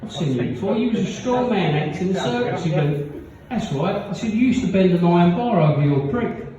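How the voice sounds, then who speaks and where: A man's voice: high-pitched, animated, fairly quick, a crowd in the background. A man telling rambling stand-up jokes at a pub gig, laughing at his own punchlines. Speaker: stand-up comedian. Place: pub function room with live audience. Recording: echoey, distant, dull audience recording.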